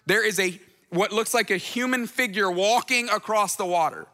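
High, bright-voiced preaching man. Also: normal speed, big-room sound. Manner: earnest, repeats phrases for emphasis, storytelling asides. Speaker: pastor. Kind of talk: conversational sermon.

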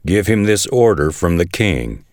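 A man reading scripture aloud, voicing a resentful, commanding ancient king with a sharp manner. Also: low voice, sing-song, measured pace, dry recording, studio quality. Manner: sharp, demanding.

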